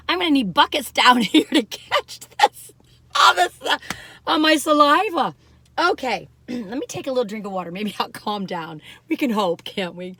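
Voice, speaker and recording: A woman's voice: on the high side, bright, forceful tone, dry recording. A woman reviewing pastries in a casual food vlog, recorded on her phone in a parked car, gushing and laughing often. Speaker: food vlogger.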